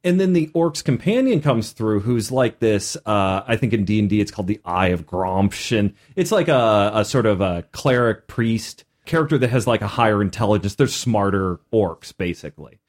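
A man co-hosting a podcast, talking casually as a game master and retelling a session in an animated way. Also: on the low side, moderate pace, hardly any pauses. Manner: animated storytelling.

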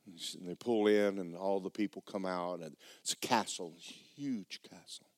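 A male preacher telling a story in a folksy, animated way, often repeating words. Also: deep voice, normal speed, no echo, clean studio sound. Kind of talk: storytelling sermon.

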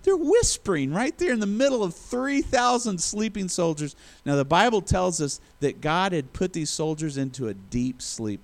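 A male preacher giving a sermon in a conversational storytelling manner. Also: fairly high pitch. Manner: conversational storytelling, acts out quotes.

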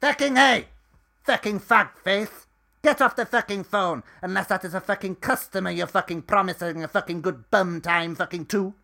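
Man acting out a bossy swearing woman, loud, high, bright. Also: moderate pace. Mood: furious. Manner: shouting, swears in every phrase. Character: foul-mouthed bossy woman, hotel owner's sister.

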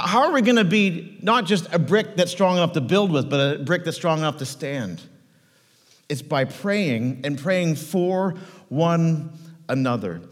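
A man preaching a Sunday sermon as pastor, animated and conversational, full of rhetorical questions. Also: a little high. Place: church hall. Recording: live church sermon with long hall reverb.

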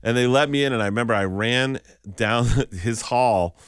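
A man, a comedian guest on a morning radio show, telling a story in a lively way, laughing often and acting out the voices of the people in it. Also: mid-range voice, moderate pace, clear, resonant tone, dry recording, clean studio sound. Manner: animated, laughing, acts out voices in his stories.

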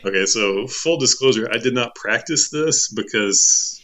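A man's voice: medium pitch, measured pace, pushed and bright, slight background noise. A man co-hosting a podcast in casual chat, rambling with restarts. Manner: rambling, many restarts, laughs often. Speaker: podcast co-host.

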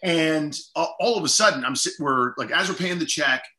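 Speaking at a moderate pace, this middle-aged comedian guest spins rambling, self-deprecating stories loaded with "like" and "you know." His voice is a little high and sharp, and the room echoes.

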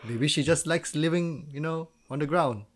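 A man's voice: on the high side, normal speed. A man co-hosting a film podcast in casual chat, teasing his partner and laughing easily. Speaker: podcast co-host.

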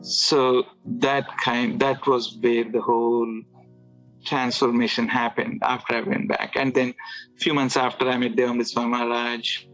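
A man casually telling a personal story, halting and restarting often, with filler words. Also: medium pitch, little pitch movement, a bit bright, muffled recording, soft background music. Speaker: guest telling his conversion story.

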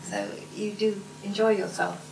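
A woman's voice: mid-range voice, steady tone, normal speed, vocal fry, darkish tone. An older actress chatting on stage, laughing often and acting out the voices of people in her stories. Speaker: guest actress. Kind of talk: anecdotal stage talk. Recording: roomy hall, distant mic, faint noise.

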